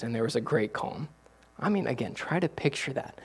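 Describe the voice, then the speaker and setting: A middle-aged man preaching as a pastor. His delivery swings from hushed to loud and excited. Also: mid-range voice, moderate pace. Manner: animated preaching with big swings from quiet to loud. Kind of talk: sermon.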